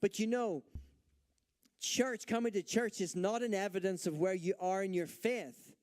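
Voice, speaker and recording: A man's voice: high-pitched, fairly even intonation, unhurried, darkish tone. A man preaching a sermon as pastor, emphatic, asking the congregation rhetorical questions and acting out their doubts. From Northern Ireland.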